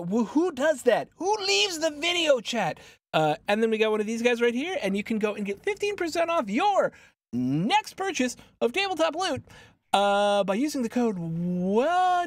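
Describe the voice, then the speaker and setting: A man's voice: high-pitched, no echo. A man hosting a tabletop game stream, chatting casually and joking over a video call. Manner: animated, joking, rambling. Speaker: game master and stream host. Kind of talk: casual livestream chat.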